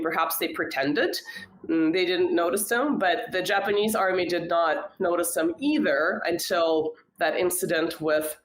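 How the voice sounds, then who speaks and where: A woman talks in a relaxed, conversational way, thinking aloud and hedging often. Her voice sits a little low. The room around her is noticeably echoey. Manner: thoughtful, hedging, frequent fillers. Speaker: podcast guest. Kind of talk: casual conversation.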